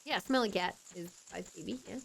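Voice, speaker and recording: A woman's voice: mid-range voice, normal speed, gravelly, background noise. A young woman streaming a video game, chatting casually and giggling as she reads the text aloud. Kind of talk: casual gameplay chat.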